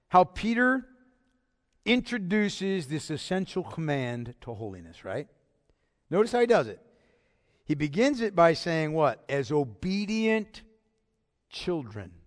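A man preaching a sermon, emphatic and full of rhetorical questions, pausing to ask the congregation to follow along. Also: a little high, in a large hall. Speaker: pastor.

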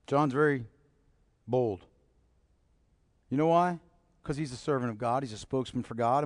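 High-voiced man preaching a bold sermon. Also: expressive, fairly quick, no room sound, clean studio sound. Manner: bold, emphatic preaching with repeated rhetorical questions.

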